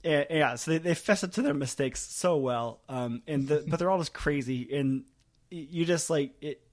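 Rambling, animated male podcast co-host. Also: on the high side, moderate pace. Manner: rambling, animated, laughs often, trails off softly. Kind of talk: casual chat.

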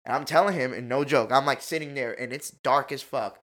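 A man telling a story in a casual, animated chat, full of slang and swearing. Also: medium pitch, brisk.

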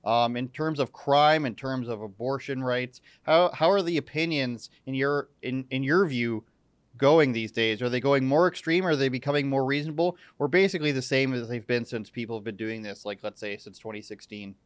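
A man hosting a casual talk show, asking questions with quick joking asides. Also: medium pitch, clear, resonant tone, dry recording. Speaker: podcast host.

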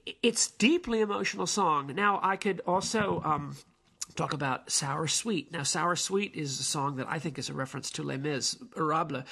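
Male commentator, raspy and husky, meandering unscripted delivery with frequent restarts. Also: on the high side, a bit bright. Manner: rambling, halting, many restarts and fillers. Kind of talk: casual spoken commentary on songs.

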